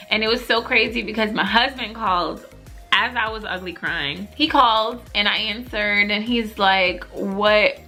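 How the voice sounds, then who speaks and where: A woman's voice: medium pitch, sharp tone. A young woman vlogger chatting casually to camera with lots of fillers, laughing as she tells stories.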